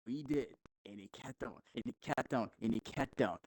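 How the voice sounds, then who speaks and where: A man's voice: medium pitch, normal speed, a little mellow, dry recording, low-quality recording. A man as a podcast guest telling a rambling, casual story, with restarts and chuckles.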